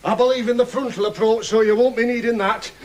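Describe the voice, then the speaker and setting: An actor playing a blunt, boastful, middle-aged self-made millionaire knight with a Yorkshire accent, in a sitcom. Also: male voice, very high voice, fairly even intonation, fast. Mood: blustering. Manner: blunt, bombastic, plain-speaking. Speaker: hospital benefactor. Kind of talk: 1980s sitcom acting.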